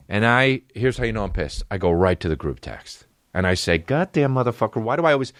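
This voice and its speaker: A man's voice: fairly low pitch, lively intonation, brisk, fairly bright tone, no echo, studio quality. A man in his thirties hosting a comedy podcast, telling a profane story that builds into a ranting mock outrage. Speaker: podcast host.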